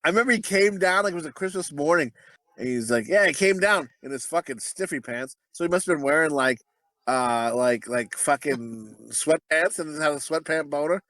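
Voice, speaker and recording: High-voiced guy rambling and cussing on a podcast, super dry close sound. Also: animated, moderate pace, a bit bright, no echo. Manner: rambling, profane, laughing storyteller. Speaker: podcast co-host. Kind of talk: casual chat.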